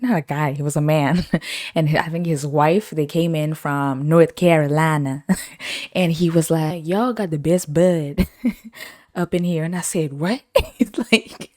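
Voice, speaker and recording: A woman's voice: sits low, no echo, clean studio sound. A young woman hosting a podcast, telling casual stories with frequent laughter and acting out what other people said. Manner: animated, laughs often, acts out quoted voices. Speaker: podcast host. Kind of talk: casual storytelling.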